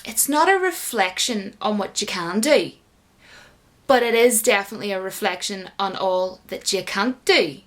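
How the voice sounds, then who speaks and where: A woman's voice: mid-range voice, animated, moderate pace, natural voice. A woman mimicking a smug, arrogant actress, in a mocking and self-satisfied tone.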